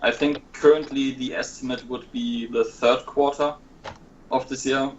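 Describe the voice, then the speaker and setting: A man talking in a casual podcast chat, measured and hesitant with frequent fillers, explaining plans for a keycap set. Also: medium pitch, a little hiss or hum, low-quality recording.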